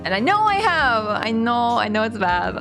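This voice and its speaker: A woman's voice: fairly high pitch, very animated, normal speed. A woman streamer chatting casually and giggling as she plays, with game music behind. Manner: giggly, chatty, reacts to chat. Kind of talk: casual chat while playing a game.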